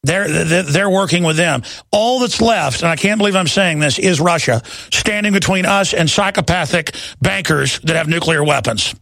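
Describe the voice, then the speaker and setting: A middle-aged male radio host with a high, gravelly voice pushes hard through a heated political rant. He is dry and close on a studio mic, with faint music under him, and he stumbles over repeated words when he gets going. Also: expressive, normal speed, few pauses, fairly bright tone, dry recording. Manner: intense, emphatic, repeats words when worked up. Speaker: radio talk show host.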